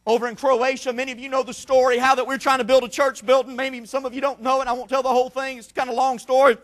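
High, bright preacher, shouting then hushed. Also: male voice, level tone, racing. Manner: swings from shouting to hushed, folksy storytelling. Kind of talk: sermon. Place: church sanctuary.

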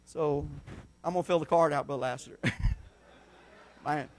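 A middle-aged man preaching a sermon in a church, telling folksy stories and swinging between shouts and hushed asides. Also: on the high side, fairly even intonation, unhurried. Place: church sanctuary.

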